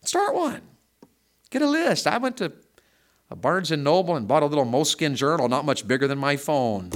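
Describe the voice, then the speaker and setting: A middle-aged man, preaching a sermon in a folksy, conversational way, with loud bursts of emphasis. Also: a little high, vocal fry.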